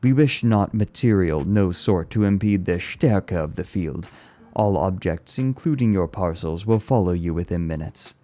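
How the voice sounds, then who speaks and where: A man voicing a brisk, formal elderly male technician in a story reading. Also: deep voice, expressive, warm tone. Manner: curt, formal and businesslike.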